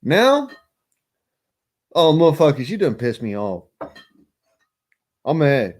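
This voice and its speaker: A man with a slightly high voice vents on a live stream. His rant is heated, bitter and thick with profanity. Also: huge pitch swings, slow pace, long pauses.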